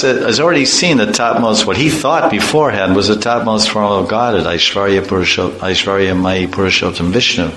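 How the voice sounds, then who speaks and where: A man preaching an animated storytelling sermon, laughing along and chanting verses. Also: on the low side. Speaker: preacher telling a sacred story. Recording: echoey room, faint noise.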